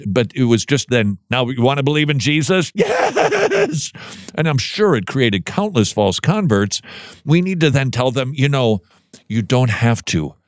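A man's voice: medium pitch, dry recording, clean studio sound. A man hosting Christian commentary, reading news items and answering them in an earnest, emphatic, preacherly way.

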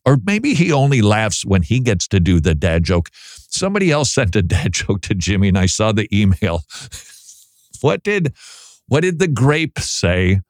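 A man's voice: lowish voice, no room sound, clean studio sound. A middle-aged man hosting a casual Christian talk show, chatty with wry asides, sometimes stumbling over his words. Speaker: podcast host.

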